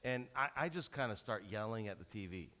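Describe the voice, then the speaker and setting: Male pastor, middle-aged, lively storytelling sermon, bright forceful tone, frequent restarts. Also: on the low side, a little fast. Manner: animated storytelling with many restarts.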